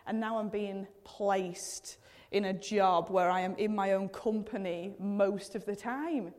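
A woman's voice: medium pitch, a little mellow. A woman in her thirties preaching a sermon in an earnest, conversational way, often addressing God directly and using casual fillers. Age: 30s.

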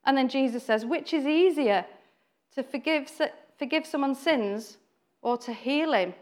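Brit woman preacher, conversational delivery, acts out voices, slightly high voice. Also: a little slow. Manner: chatty, acts out quoted voices, laughs often. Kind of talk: informal sermon.

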